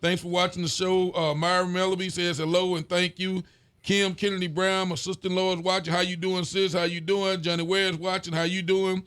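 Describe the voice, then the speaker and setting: A man, a sheriff hosting a casual local show, relaxed and folksy as he reads out viewer greetings. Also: high-pitched, brisk, smooth. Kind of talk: casual call-in style show chat.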